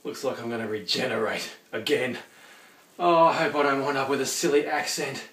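A man acting out a self-important time-traveling alien who makes a grand, melodramatic show of his own dying moments in a comedy sketch. His voice is bright and forceful, and it sounds roomy and distant, recorded away from the mic in an echoey space. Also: medium pitch, brisk, natural voice. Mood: grandly dramatic. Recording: echoey room, far from the mic.

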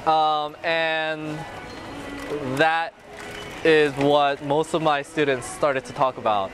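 A man's voice: on the high side, steady tone, slow, over music. A man chatting casually as a vlogger in a supermarket, playful and laughing often. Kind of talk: casual vlog chat. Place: supermarket, indoors. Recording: noisy store background.

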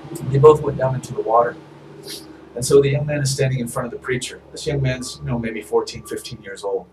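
A male minister telling a sermon story in a soft-spoken, unhurried way, with hesitant restarts. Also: medium pitch, distant mic, slight background noise, poor audio. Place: office.

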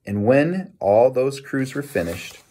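A man reading a children's novel aloud in a lively storytelling manner, with small self-corrections. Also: mid-range voice, slow pace. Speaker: reader.

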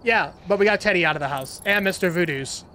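A man's voice: high voice, a little hiss or hum. A man chatting casually and teasing his friend while they play a co-op horror game together. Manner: teasing, quick and animated. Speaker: gaming streamer.

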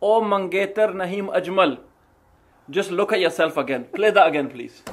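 A man's voice: high voice, normal speed. A man from England, hosting and mocking someone in scornful, emphatic commentary. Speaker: host.

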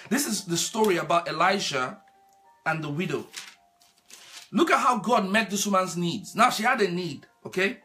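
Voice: mid-range voice, expressive, normal speed, bright, forceful tone, soft background music. A preacher delivering a sermon, repeating key phrases and asking the congregation rhetorical questions.

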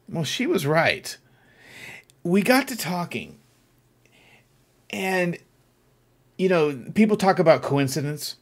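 A man hosting his own podcast, telling a personal story in an earnest, reflective way that turns animated when he gets excited. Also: fairly high pitch, takes it slowly, long pauses. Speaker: podcast host. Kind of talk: casual storytelling monologue.

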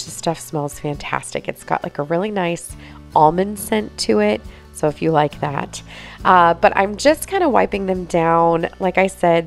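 Gravelly, stuffy-nosed woman vlogging. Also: on the low side. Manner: upbeat, chatty, with fillers. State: stuffy, nasal from pollen. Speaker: home vlogger. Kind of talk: chatty voice-over narration.

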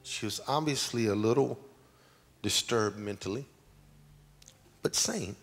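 A middle-aged man, preaching a sermon as pastor with slow, dramatic storytelling and sudden loud peaks. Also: lowish voice. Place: large church sanctuary. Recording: long hall reverb.

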